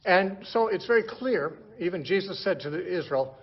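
Slightly high-voiced male Bible teacher, lo-fi. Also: expressive. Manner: explains slowly, repeats words as he restarts. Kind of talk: verse-by-verse Bible lecture. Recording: dull lo-fi recording.

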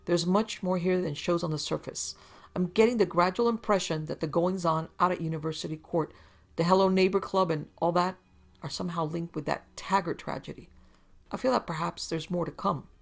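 A woman voicing a fussy, wheedling middle-aged man in a storybook reading, in a prim, high-pitched way. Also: steady tone, a little fast, creaky.

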